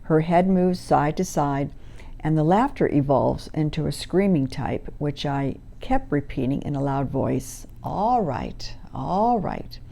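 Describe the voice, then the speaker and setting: Slow, gravelly woman reading calmly. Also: low voice. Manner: calm, measured, soothing instructions. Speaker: hypnotherapist reading her book. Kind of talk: audiobook reading of session stories.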